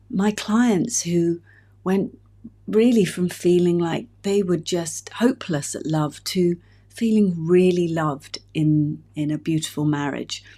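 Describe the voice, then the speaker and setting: A woman in her fifties, a relationship coach hosting her own podcast, speaking in a gentle, heartfelt, personal way. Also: on the low side. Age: 50s. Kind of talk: reflective solo podcast talk.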